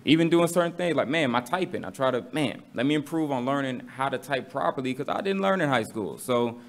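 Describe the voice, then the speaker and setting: A man's voice: medium pitch, animated, brisk. A man with a casual, slangy manner, teaching a Bible study to a congregation and asking the room questions.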